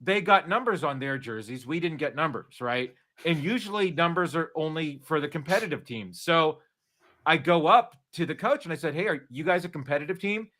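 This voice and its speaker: A man in a casual chat, telling animated stories and acting out the people in them. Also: a little high, moderate pace. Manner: animated storyteller, acts out quotes.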